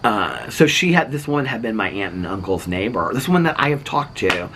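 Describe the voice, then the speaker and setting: A man vlogging, telling a long story in a chatty, animated way, full of "like" and "so anyway" and acting out what people said. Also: fairly low pitch, brisk, background noise. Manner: chatty, animated, acts out other people's lines; filler-heavy, lots of "like" and "so anyway". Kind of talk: casual storytelling.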